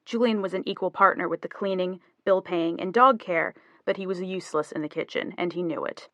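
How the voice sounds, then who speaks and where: A woman narrating a novel as an audiobook, in measured scripted storytelling. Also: fairly low pitch, fairly bright tone, no echo.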